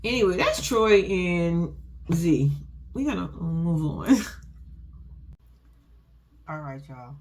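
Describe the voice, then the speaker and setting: A woman's voice: fairly low pitch, slow, long pauses. Woman doing casual reaction commentary, sassy and swearing, keeps laughing. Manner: animated, laughing, profane, sassy.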